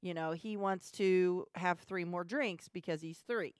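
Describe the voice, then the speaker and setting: A woman telling a family story in casual chat, animated, with stammering restarts. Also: fairly low pitch, a little slow, clean tone, no room sound, studio quality. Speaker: podcast co-host, mother.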